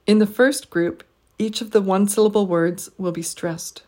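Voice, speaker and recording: A woman recording a pronunciation lesson, explaining stress and intonation and reading short model phrases slowly and clearly for learners to repeat. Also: mid-range voice, fairly even intonation, warm tone. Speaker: pronunciation teacher. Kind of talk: slow, deliberate language lesson recording.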